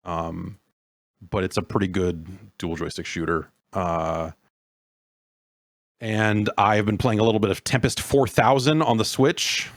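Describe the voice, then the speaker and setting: A man hosting a casual podcast, rambling and halting, with dry sardonic remarks. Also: fairly low pitch, fairly even intonation, dry recording. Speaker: podcast host. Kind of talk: casual chat.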